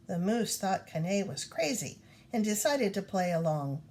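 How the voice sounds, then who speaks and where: Woman, storybook read-aloud, lively swooping intonation, mid pitch. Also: moderate pace. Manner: expressive, animated storytelling. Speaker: reader.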